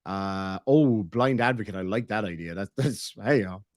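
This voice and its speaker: A man's voice: fairly low pitch, moderate pace, dry recording, clean studio sound. Joking Irish man reading chat. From Ireland. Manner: joking, crude, rambling. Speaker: streamer host reading member messages. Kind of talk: casual reaction stream chat.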